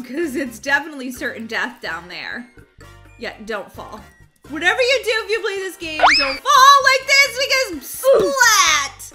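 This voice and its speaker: A woman's voice: fairly high pitch, bright, forceful tone. A woman, a mother in her thirties, giving bubbly commentary on a game she plays, with squeals and sound effects. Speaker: gaming channel host. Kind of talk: excited Roblox gameplay commentary.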